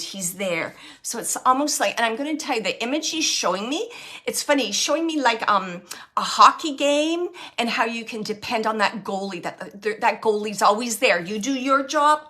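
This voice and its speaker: A middle-aged woman working as a medium, relaying spirit messages in a live online reading and softly repeating the phrases she hears. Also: fairly high pitch, normal speed.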